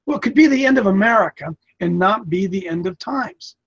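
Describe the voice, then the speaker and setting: A man's voice: sits high, lively intonation, fairly quick, gravelly, breathy edge, highs cut off. A man in his sixties preaching a sermon in a folksy, repetitive, emphatic way. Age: 60s.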